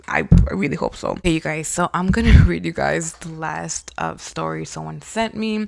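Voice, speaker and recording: Blunt, gravelly woman podcast host. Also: deep voice, moderate pace, hardly any pauses. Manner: blunt, swearing, animated reactions. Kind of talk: casual storytime podcast, reading listener stories.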